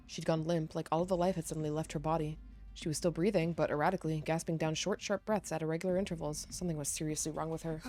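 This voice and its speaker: Woman streamer, game narration read aloud, steady, lowish pitch. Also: quick pace, faint music behind. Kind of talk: reading game text aloud.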